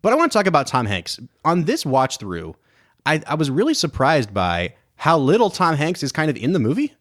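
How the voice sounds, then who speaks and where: A man's voice: fairly high pitch, huge pitch swings, a little fast, fairly bright tone. Man chatting about films on a podcast. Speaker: podcast co-host. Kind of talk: casual film discussion.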